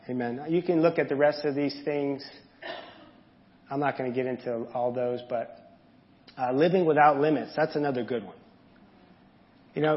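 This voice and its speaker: A man preaches in a plain, conversational way, stopping often to ask the congregation questions. His voice sits a little high for a man. The sound is dull and lo-fi, and it rings with the long reverb of a big church room. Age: adult parent. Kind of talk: sermon. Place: church sanctuary.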